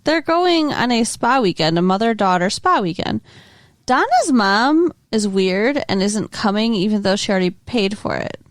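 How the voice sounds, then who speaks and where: A woman's voice: medium pitch, animated, moderate pace, no echo, clean studio sound. A woman co-hosting a podcast in casual chat, retelling an episode with lots of "like" and easy laughter. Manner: chatty, says "like" a lot, laughs easily. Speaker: podcast co-host.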